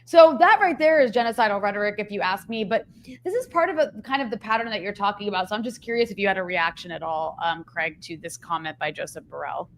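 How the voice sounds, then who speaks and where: A woman's voice: mid-range voice, animated, fast talker, a little hiss or hum. A woman hosting a live online interview, talking in a candid, conversational way and sharply critical. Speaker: show host.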